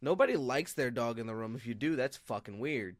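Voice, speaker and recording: A man co-hosting a podcast in casual chat, with a Baltimore accent, swearing freely and breaking into high excited yelps when he retells a story. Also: a little fast, no room sound, studio quality. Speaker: podcast co-host.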